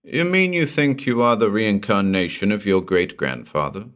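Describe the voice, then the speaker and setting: Audiobook role: a man voicing a brash, doubting collector, deep voice, sharp lively retorts. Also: moderate pace. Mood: incredulous. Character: skeptical, blunt male collector, brash. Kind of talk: audiobook reading.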